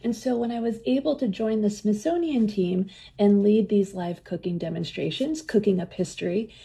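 A woman with a medium-pitched, creaky, mellow voice that's slightly rough speaks at a moderate pace. She leads museum programs and, as an interview guest, tells enthusiastic stories in a conversational way, often laughing as she talks.

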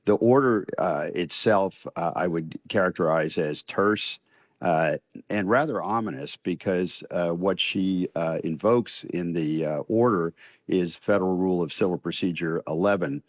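An older man, a retired judge, answers questions in a radio news interview, measured and deliberate with frequent pauses. His voice sits low, and the studio sound is clean with no echo.

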